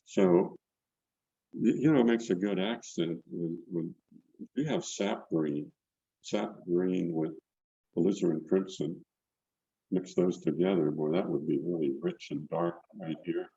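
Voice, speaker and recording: An older instructor paints on an online video session from his indoor studio, rambling unhurriedly and repeating words as he works. His deep voice is creaky, warm, and husky. Through the video call mic, the sound is dull, with no echo.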